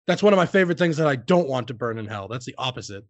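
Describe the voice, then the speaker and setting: A man's voice: medium pitch, very fast, no room sound. A young American man in casual podcast banter, talking crudely and laughing often. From United States. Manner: laughs a lot, animated and crude.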